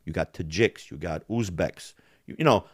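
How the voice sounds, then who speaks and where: A man's voice: low-pitched, moderate pace, no room sound, studio quality. A man ranting on a casual podcast, heated and profane, mimicking accents to make his point. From Balkans. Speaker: podcast host.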